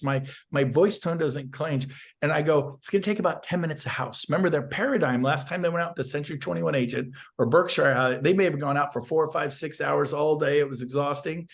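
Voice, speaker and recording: A man's voice: on the high side, brisk, creaky. A man, a real estate agent guest, giving intense, fired-up sales advice on a podcast interview.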